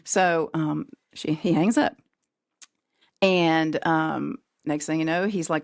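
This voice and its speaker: A middle-aged woman with a low voice tells a family story at a relaxed pace. She slips into the voices of the people she quotes and laughs often. The recording is dry and close. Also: takes it slowly, gravelly, dry recording. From North Carolina, USA. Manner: lively storyteller who acts out quoted voices, with frequent laughs. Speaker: podcast guest. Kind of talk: casual storytelling.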